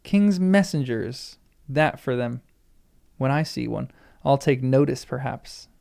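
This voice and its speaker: Sneering thug in a read-aloud book, low and gravelly, man doing the voice. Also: lively intonation, slow pace, a little mellow. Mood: mocking. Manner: sneering, threatening. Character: menacing mocking ruffian man, squint-eyed bully. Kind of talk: reading a novel aloud.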